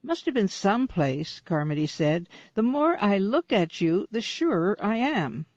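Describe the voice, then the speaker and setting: A woman's voice: medium pitch, measured pace, dry recording, highs cut off. Woman narrating a mystery audiobook. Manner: steady storytelling, lightly voicing characters. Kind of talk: scripted narration.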